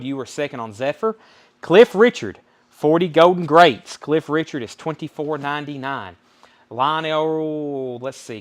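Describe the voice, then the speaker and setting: A man with a Southern US accent hosting a live online record sale, calling out album titles, prices and the names of buyers in a folksy, unhurried way. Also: medium pitch, fairly bright tone. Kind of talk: live-stream sales patter.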